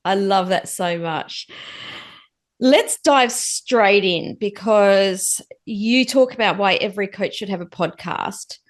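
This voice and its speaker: A woman's voice: medium pitch, slow. A woman hosting a podcast, upbeat and enthusiastic in a casual interview. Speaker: podcast host.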